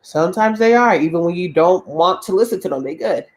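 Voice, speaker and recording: A young woman with a Southern US accent, telling a personal story in a relaxed podcast chat. Her delivery is chatty and loose, and she laughs often between sentences. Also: fairly low pitch, a little fast. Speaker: co-host. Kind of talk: casual chat.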